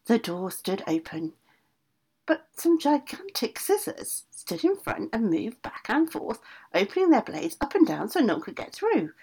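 A woman storyteller reading a fairy tale with a lively, up-and-down delivery and a husky, breathy grain. She slips in casual asides between the scripted lines. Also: on the high side, unhurried.

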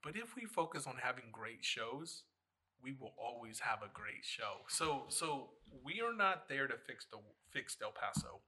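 A man's voice: mid-range voice, very animated, normal speed, pushed and bright, slightly rough. A man in casual podcast chat, talking in a laid-back, rambling way with lots of fillers.

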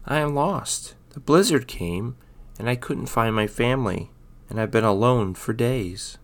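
A man voicing an excited young lost kitten in a read-aloud Christmas story. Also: medium pitch, a little slow. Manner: excited, breathless pleading.

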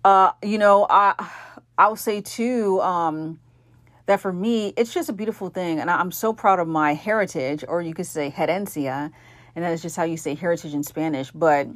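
Introducing her podcast episode, a young woman speaks in a voice on the low side at an even, moderate pace. Her delivery is relaxed and casual, packed with filler words and frequent corrections of herself.

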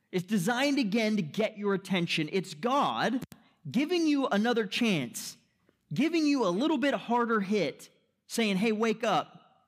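A man preaching a sermon as pastor, emphatic, posing rhetorical questions and checking in with the listeners. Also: high voice. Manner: checks in with "right?" and "okay?".

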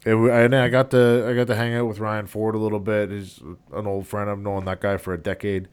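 A man's voice: on the low side, flat delivery, fairly quick, clear, resonant tone. A man hosting a podcast in casual chat, easygoing and blunt, with occasional swearing. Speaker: podcast host.

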